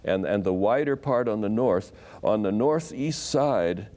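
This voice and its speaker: A man, a Bible scholar and guest, teaching scripture in conversation and acting out the quotes in a lively way. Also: fairly low pitch, a little slow. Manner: animated storyteller who acts out quotes.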